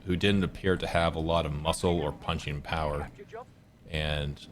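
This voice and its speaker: A man's voice: extremely low pitch, steady tone, moderate pace. A man giving casual gameplay commentary as a streamer, rambling and correcting himself as he tells stories, laid-back with some swearing. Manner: rambling, self-correcting storyteller. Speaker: gaming streamer.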